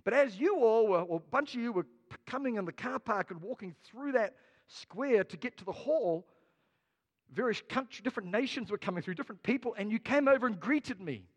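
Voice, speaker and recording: A pastor with a New Zealand accent preaches a lively sermon in a large hall, telling stories and cracking jokes. His voice sits high, and he speaks briskly.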